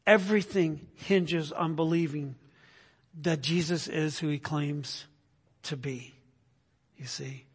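A man's voice: on the high side, steady tone, slow, pauses often, breathy edge. A man preaching a verse-by-verse sermon as a pastor, often checking in with his listeners by asking "right?". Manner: keeps checking in with the congregation with "right?". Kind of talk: expository sermon. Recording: long hall reverb.

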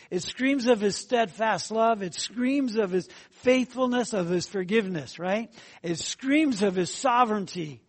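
A man's voice: high-pitched, husky. A man preaching a sermon in a conversational way, often checking in with the congregation, his volume rising and dropping. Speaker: pastor.

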